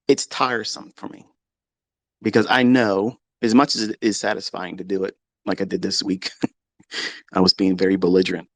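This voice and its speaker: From his home basement, a middle-aged man hosts a live audio chat as a trading mentor, speaking unscripted in a profane, combative manner that swings into loud tirades. He has a low voice, and there's no room sound.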